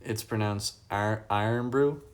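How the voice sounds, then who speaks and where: A man's voice: on the low side, a little slow. A man livestreaming from a hotel room on his phone, casually chatting and reading viewers' questions aloud with frequent chuckles. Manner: laid-back, reads chat questions aloud and chuckles often.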